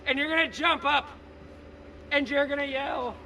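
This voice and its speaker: Playful guy teacher with a really high voice, outdoors, bit of traffic noise. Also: moderate pace. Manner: playful, energetic, repeats key words. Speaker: science teacher. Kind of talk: outdoor hands-on lesson. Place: outdoors in snow.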